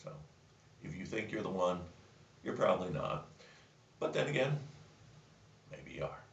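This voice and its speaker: A show host with a low, creaky voice and big swings in pitch tells a joke at a moderate pace, wandering through restarts and fillers on his casual chat show. It's recorded roomy, distant, and muffled.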